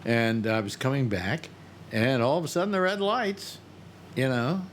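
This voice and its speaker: A man's voice: medium pitch, normal speed, a little hiss or hum. A man on a talk panel, bantering and mock-complaining to his friends. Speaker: panel member. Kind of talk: casual banter.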